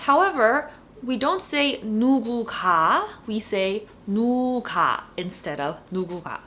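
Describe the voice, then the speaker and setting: A woman giving a casual online Korean lesson, chatting in English and saying each Korean example slowly and clearly, then repeating it. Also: medium pitch, a bit bright, slight background noise. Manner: chatty, explains with "like" and "you know". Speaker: Korean language teacher.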